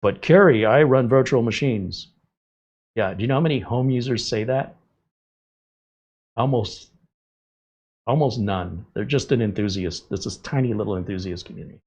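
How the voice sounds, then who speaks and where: A man's voice: medium pitch, moderate pace, long pauses, slightly rough. A man hosting a live tech stream, answering viewer chat in a blunt, sarcastic way. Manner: blunt, sarcastic, lively asides. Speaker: tech show host.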